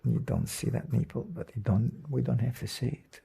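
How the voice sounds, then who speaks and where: A man giving a drawing lesson, thinking aloud as he works and trailing off into soft murmurs. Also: mid-range voice, fairly even intonation, moderate pace, gravelly, breathy edge. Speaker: art teacher. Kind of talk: drawing demonstration.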